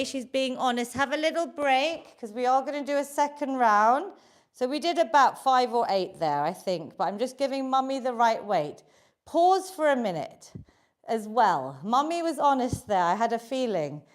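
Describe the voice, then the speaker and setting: A middle-aged British woman leading a live online workout class, encouraging her students and cueing their breathing and counts. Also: high voice. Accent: British English. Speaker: fitness instructor.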